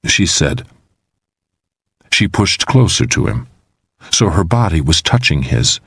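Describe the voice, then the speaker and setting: A man's voice: low voice, big pitch swings, slow pace, gravelly, pauses often, slightly rough, no echo. A man narrating a thriller audiobook in a dramatic, tense storytelling manner. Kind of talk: scripted narration.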